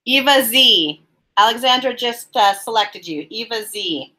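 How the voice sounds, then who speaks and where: Woman tarot host, fairly high voice, bubbly and chatty, reads cards live from home. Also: animated, a little slow, bright, forceful tone, rough recording. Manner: chatty and giggly, addressing viewers by name. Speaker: tarot card reader and live-stream host. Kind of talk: casual live-streamed card reading. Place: her apartment, indoors.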